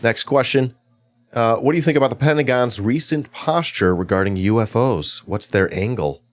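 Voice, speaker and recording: A man's voice: medium pitch, moderate pace. A man hosting an interview show, talking in a casual, chatty way and often repeating words as he restarts.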